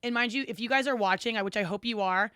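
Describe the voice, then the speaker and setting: A woman's voice: fairly high pitch, fast talker, a bit bright, smooth, dry recording, studio quality. A woman co-hosting a podcast, telling stories in casual chat with a chatty, giggly manner. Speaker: podcast co-host.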